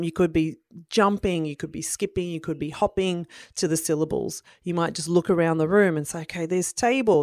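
A woman in her thirties with a low voice gives parents practical advice in an encouraging, friendly tone. She acts out little exchanges with children as she explains. The recording is dry and close, with no room sound. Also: a little mellow, no echo. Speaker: parenting educator. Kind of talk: instructional talk to parents.

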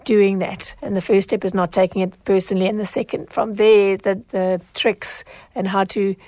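A woman's voice: mid-range voice, moderate pace, no echo. A middle-aged woman hosts her own podcast, talking straight to the listener in a conversational, storytelling way. Her voice is recorded close and dry, with no room sound behind it, and she livens up when she acts out what people said. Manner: animated when retelling, acts out quoted lines. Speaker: podcast host, consumer advocate.

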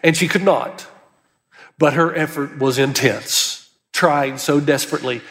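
A man's voice: on the high side, measured pace, a bit bright. A male pastor preaching an earnest, emphatic sermon, lifting his voice on key words. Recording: long hall reverb.

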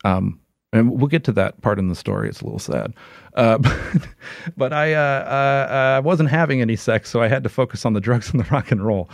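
A man's voice: mid-range voice, animated, brisk, vocal fry, dry recording, studio quality. A man as an interview guest, chatting casually in a rambling way, with many restarts and filler words. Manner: rambling, full of "like" and restarts, laughs often.

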